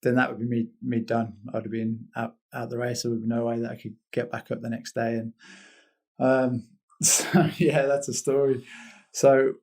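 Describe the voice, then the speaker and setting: A man's voice: mid-range voice, flat delivery, normal speed, darkish tone. A British man telling a rambling story as a guest in a casual interview, laughing often and restarting his sentences. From Britain. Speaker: guest, paraglider.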